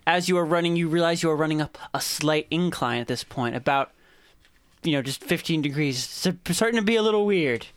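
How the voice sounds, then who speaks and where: A game master narrates a tabletop game with vivid, drawn-out description and calls on players for rolls. The voice sits at a middle pitch. It is recorded dry and close. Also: expressive, no echo.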